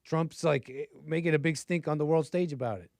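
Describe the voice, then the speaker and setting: A man hosting a political commentary livestream, rambling casually with fillers, restarts and quick chuckling asides. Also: on the high side, gravelly, darkish tone, no echo, clean studio sound.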